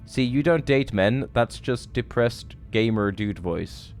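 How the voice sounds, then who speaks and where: A man's voice: mid-range voice, expressive, slow, faint music behind. 30-something streamer guy swearing a ton, rambly, chatting with chat while playing. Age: 30s. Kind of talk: live gameplay commentary.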